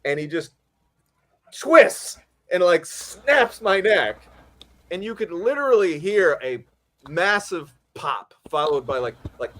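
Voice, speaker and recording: A man hosting a podcast, telling a story in casual chat, animated and profane, acting out what people said. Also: high voice, takes it slowly. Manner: animated, acts out quotes, swears freely. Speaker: podcast host.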